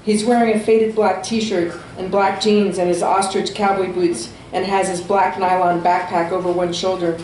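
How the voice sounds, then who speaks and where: A woman reading her own fiction aloud at a small venue, with steady, expressive storytelling. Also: medium pitch, moderate pace, few pauses, echoey room, a little hiss or hum, rough recording. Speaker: author.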